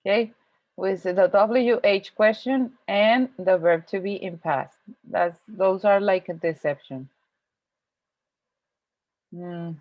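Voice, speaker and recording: A woman with Spanish as her teaches English in an online class, explaining grammar step by step and restarting her sentences as she thinks. Her voice sits a little low. The sound is thin and phone-like, and dry with no room echo. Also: gravelly. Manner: explains patiently, with frequent restarts and thinking aloud. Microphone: video call. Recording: tinny video-call audio, dry.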